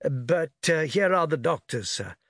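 A man voicing a wounded navy captain who speaks in a low, plain, deferential way. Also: sing-song, measured pace, a bit bright, no room sound, studio quality, full character voice. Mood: steady. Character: wounded tall male post captain, steady and plain.

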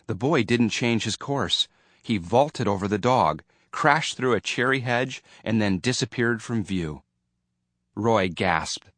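A man narrating an audiobook in a measured storytelling manner. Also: fairly low pitch, a bit bright, no room sound. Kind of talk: scripted narration.

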